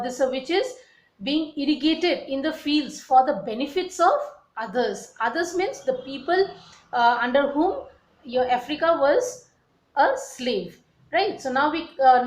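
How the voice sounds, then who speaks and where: A high-voiced woman teacher walks a class through a poem. She talks in halting bursts, full of fillers and restarts, and keeps checking in with "okay" and "right". The sound is echoey, as if recorded in a bare room.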